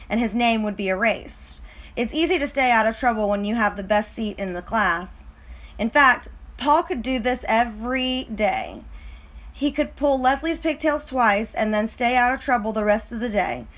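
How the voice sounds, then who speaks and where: Lady reading a kids storybook out loud, slightly high voice, even. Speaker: reader. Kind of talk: storybook read-aloud.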